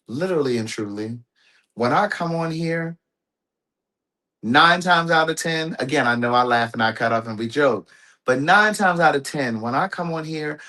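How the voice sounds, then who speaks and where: A man chats to his viewers from home in a casual livestream. He tells a personal story in a loose, rambling way, backing up to correct himself and tossing asides to the audience. His voice sits at an ordinary, middle pitch. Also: sharp tone. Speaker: livestream host.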